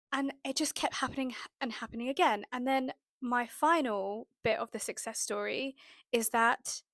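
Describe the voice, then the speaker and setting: Young uk woman vlogging, chatty and animated, bit high voice, dry close sound. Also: dry recording. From United Kingdom. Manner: chatty, animated, acts out her own thoughts in quotes. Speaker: manifestation vlogger. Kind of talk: casual storytelling to camera.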